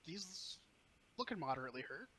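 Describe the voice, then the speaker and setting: A man's voice: fairly high pitch, sing-song, brisk, bright, forceful tone, breathy edge. A man running a tabletop game as game master, describing scenes and patiently sorting out rules questions.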